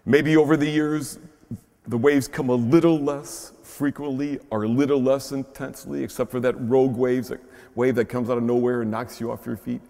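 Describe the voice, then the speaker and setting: The echo of a large church shrine lingers around a pastor's medium-pitched voice, which is steady, creaky, and warm at a moderate pace. Speaking with a Midwestern American accent, he preaches conversationally and often adds a questioning "huh?"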